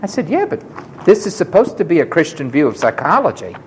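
A man's voice: on the high side, wildly swooping pitch, fairly quick, a little hiss or hum. A man preaching a sermon, telling a personal story with emphatic, dramatic delivery and acting out the people he quotes.

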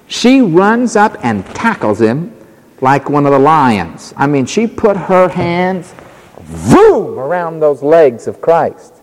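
Animated male preacher in an echoing hall. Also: a little high, slow. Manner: animated, dramatic storytelling with acted-out quotes. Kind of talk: sermon, expository Bible teaching.

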